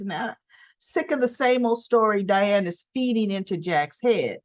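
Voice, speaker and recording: Slow-talking, chatty woman vlogger. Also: medium pitch, highs cut off. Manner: chatty and folksy, with playful exclamations. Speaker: soap opera recap vlogger. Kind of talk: casual chat recap.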